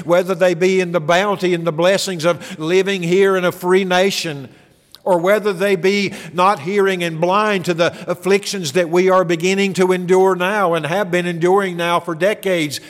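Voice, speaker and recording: A man's voice: high-pitched, a bit bright. A man preaching a sermon in an earnest, emphatic way, building into exclaimed rhetorical questions. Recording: long hall reverb.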